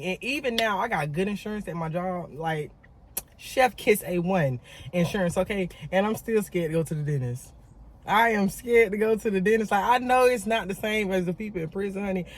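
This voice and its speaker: A woman telling a story in a casual vlog, emphatic and animated, talking straight to her viewers and repeating words for emphasis. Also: lowish voice, slight background noise. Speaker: vlogger.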